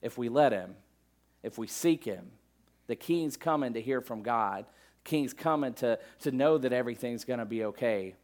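Male pastor, middle-aged, mid-pitched voice, chatty sermon delivery full of asides. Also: lively intonation, normal speed, darkish tone. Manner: conversational preaching with asides and fillers.

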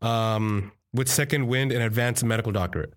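A man's voice: medium pitch, normal speed. A man playing a tabletop role-playing game, talking casually and joking. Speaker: player.

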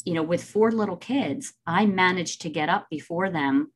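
Woman host, reflective questions, slightly low voice, conversational interview. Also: normal speed, husky. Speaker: podcast host.

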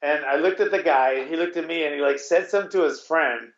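A man's voice: on the high side, quick pace. A man telling a casual story in a rambling way, full of restarts and the odd curse word. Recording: roomy, dull sound.

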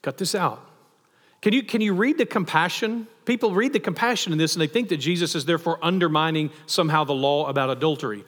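A man's voice: a little high, fast, few pauses, a bit bright. A man preaching a sermon in a conversational way, asking rhetorical questions and adding emphatic asides. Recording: long reverb of a hall.

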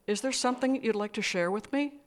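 A woman's voice: a little high, brisk, voice pushed up, lightly acted. A woman voicing a weary caretaker who speaks in a condescending, soothing way.

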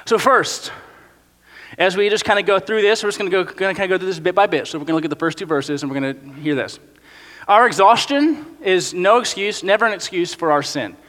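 High, bright-voiced pastor in a reverberant hall. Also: male voice, brisk. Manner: conversational, animated, acts out grumbling voices. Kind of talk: sermon. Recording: long reverb of a large hall.

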